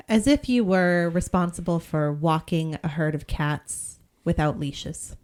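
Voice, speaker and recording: A woman's voice: lowish voice, steady tone, slow, darkish tone. A middle-aged woman from New England co-hosting a podcast, chatty and self-mocking, often trailing off and restarting. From New England, United States. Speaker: podcast co-host. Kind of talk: casual chat.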